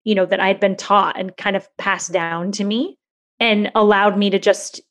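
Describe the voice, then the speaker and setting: A woman in her thirties telling a personal story in a candid interview, lively and chatty, acting out the voices of people she quotes. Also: mid-range voice, moderate pace. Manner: animated, acts out quoted voices, frequent "like" fillers. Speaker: guest.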